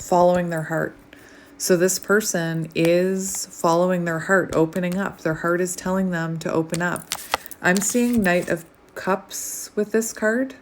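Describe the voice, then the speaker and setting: A woman talks through a tarot reading in a loose, rambling way, full of fillers and asides. Her voice sits fairly low and now and then sinks to a soft near-whisper. A faint background ambience hangs under the recording. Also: slight background noise. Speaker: tarot reader. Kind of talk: casual channeled tarot reading. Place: home, outdoors light fading.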